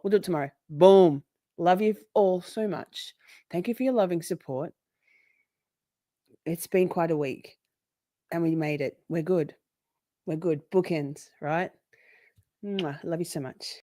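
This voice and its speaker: A woman's voice: on the low side, moderate pace, long pauses, mellow, dry recording. A woman hosting a livestream, chatting casually in a rambling, playful way and swearing often. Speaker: livestream host.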